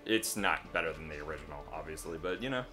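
A man's voice: rumbling low, quick pace. A young man co-hosting a let's-play, rambling casually and laughing often, with game music behind him. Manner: rambling, laughs often, breaks into goofy voices. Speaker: gaming channel co-host.

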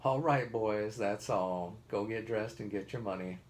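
A man's voice: mid-range voice, moderate pace, darkish tone, lightly acted. A man voicing a smug, pompous male master of ceremonies, announcing to a crowd like a showman.

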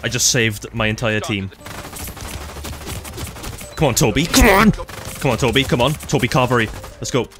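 An excitable young man laughs and banters through a shooter match. His voice sits at a middle pitch over a headset mic, with faint game music behind it. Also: normal speed, pauses often. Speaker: co-player. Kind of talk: casual gameplay chat.

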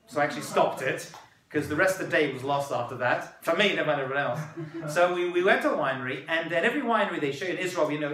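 A rabbi in his thirties holds forth to a room of listeners, jumping between explanation and acted-out anecdotes. His voice sits high and bright. The sound is roomy and distant, recorded on a camera across the room. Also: slight background noise. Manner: animated, acts out quoted voices, jokes with audience. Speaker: rabbi giving a talk. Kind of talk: lively lecture with stories. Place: room with audience. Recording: echoey room from afar.

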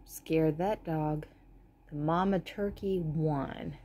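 A woman reading a children's storybook aloud, stopping for gentle, explanatory asides. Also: sits low, takes it slowly, background noise. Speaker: storybook reader.

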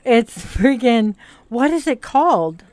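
A woman's voice: a little high, big pitch swings, slow pace, a little mellow, no room sound. A woman with a hard-to-place mixed accent streaming, rambling and chatting casually with a bit of swearing. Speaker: streamer and hypnotist. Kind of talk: casual livestream chat. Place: virtual reality social world.

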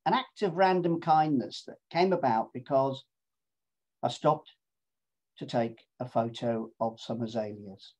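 A man in his sixties tells his travel tales in a jolly, chatty way, full of playful asides and gentle jokes at his own expense. He talks like someone sharing holiday snaps with friends, in a medium-pitched voice. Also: unhurried. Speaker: speaker presenting his cycling pilgrimage. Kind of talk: casual storytelling talk with travel video clips.

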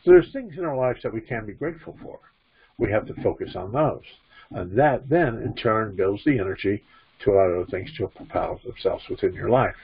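A man's voice: fairly low pitch, animated, brisk, slightly rough. A man teaching spirituality to an audience, repeating his phrases and asking the listeners questions. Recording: dull lo-fi recording.

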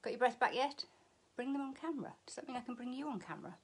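A woman's voice: high-pitched, lively intonation, fast, distant mic. A woman teaching a live online fitness class, chatty and encouraging, joking as she works out and slightly out of breath. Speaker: pilates instructor.

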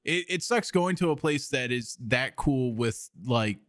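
A man's voice: mid-range voice, expressive, measured pace, no echo, studio quality. A young man co-hosting a podcast in casual chat, adding short reactions and crude jokes. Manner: joking, drops in short reactions and crude quips. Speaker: podcast co-host.

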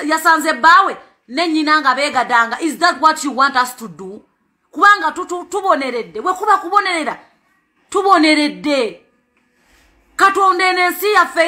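A woman's voice: sits high, moderate pace, bright, forceful tone. A Ugandan woman and parent making an impassioned spoken appeal, emphatic and repetitive, switching between two languages. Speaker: parent speaking out.

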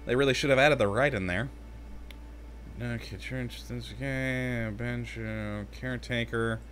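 Bright-voiced man playing a game. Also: medium pitch, steady tone, measured pace, faint music behind. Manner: talks to himself, easily exasperated, laughs often. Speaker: let's play host. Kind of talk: casual gameplay commentary.

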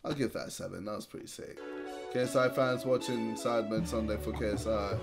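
A young man rating videos in casual reaction commentary, loud and profane, with frequent laughter. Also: fairly low pitch, a little fast, creaky. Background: music from played clips.

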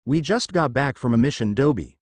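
A man's voice: medium pitch, animated, fairly quick, no echo, close to an everyday voice. A man putting on a cool, aloof teen ninja for a story reading, dry and dismissive in tone. The voice sits close and dry.

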